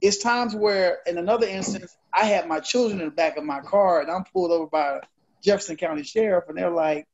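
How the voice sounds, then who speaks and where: Gravelly animated man telling a story. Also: high voice, brisk. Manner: animated, acts out dialogue. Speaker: podcast co-host. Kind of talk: casual storytelling. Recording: dull lo-fi podcast audio.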